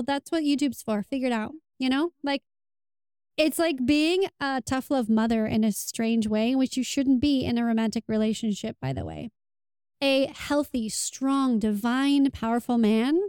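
Woman, casual advice monologue, earnest, smooth voice, dry close sound. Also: sits high, a little mellow, no echo. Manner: earnest, acts out quoted lines. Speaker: relationship advice vlogger.

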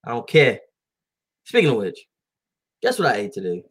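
A man's voice: mid-range voice, huge pitch swings, moderate pace. A young man in his twenties co-hosting a podcast, telling stories in a laid-back, slangy way and laughing often. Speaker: podcast co-host. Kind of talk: casual chat.

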